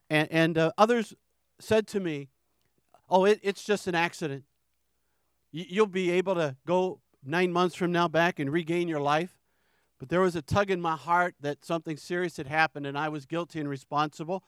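A middle-aged man from New York shares his testimony in church. His voice sits high and comes across smooth and clear. He speaks earnestly, stumbling and repeating words, and the recording is close and dry. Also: no echo. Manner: earnest, repeats words and restarts, emotional emphasis. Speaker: ministry founder giving testimony.

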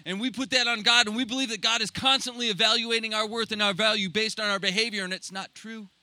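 A man preaching a sermon, impassioned at times and dropping to soft, slow, intimate tones on key phrases. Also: high voice, steady tone, no room sound. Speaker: pastor.

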